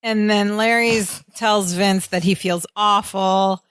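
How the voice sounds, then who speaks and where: Relaxed woman podcast co-host. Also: mid-range voice, slow pace, smooth, no room sound. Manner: relaxed, laughs along, chimes in with short agreements. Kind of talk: casual chat recapping a sitcom episode.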